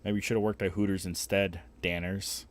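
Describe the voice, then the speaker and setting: A man's voice: low-pitched, little pitch movement, brisk. A man streaming live, bantering casually with crude jokes and lots of swearing, rambling with fillers as he talks. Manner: rambling, with frequent fillers and restarts. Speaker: livestreamer. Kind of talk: casual livestream chat.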